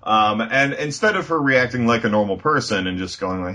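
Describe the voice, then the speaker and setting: A man co-hosting a casual movie review, recapping the plot in an animated, mocking way. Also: medium pitch, fairly quick, hardly any pauses, muffled recording. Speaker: podcast co-host.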